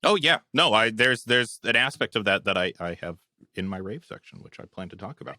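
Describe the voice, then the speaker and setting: A man's voice: on the low side, expressive, a little fast, bright, forceful tone, no echo, studio quality. A man co-hosting a movie podcast, wry and rambling in casual chat. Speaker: podcast co-host.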